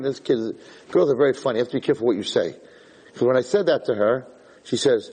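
A man's voice: medium pitch, quick pace, a little mellow, slight background noise, low-quality recording. A man, a rabbi, giving a storytelling Torah lecture and acting out the dialogue with animation.

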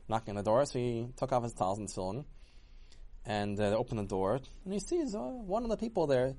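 A man telling a story in a casual, talky way, with lively swoops in his voice. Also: fairly quick. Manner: animated, swooping pitch, talky.

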